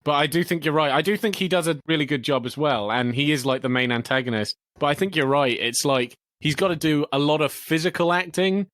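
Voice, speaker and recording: A man's voice: a little high, a little fast, hardly any pauses, fairly bright tone, no echo, clean studio sound. A man co-hosting a film podcast, talking hesitantly with many fillers and agreeable asides. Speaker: podcast co-host. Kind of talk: casual film review chat.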